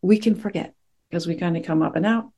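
A woman meditation teacher giving a dharma talk to her class, gentle and reflective, pausing often as she searches for words. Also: fairly low pitch, breathy edge, dull audio.

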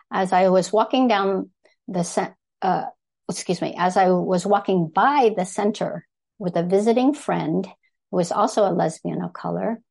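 An older woman from Thailand reading her personal essay aloud to an audience in a measured, deliberate way, pausing to correct herself now and then. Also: medium pitch, vocal fry, a little mellow.

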